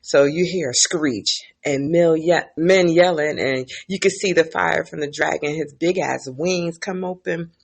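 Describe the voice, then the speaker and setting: A woman's voice: deep voice, measured pace, creaky, hardly any pauses, husky. A woman casually recapping TV episodes, chatty and profane, laughing as she tells the story. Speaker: TV recap vlogger.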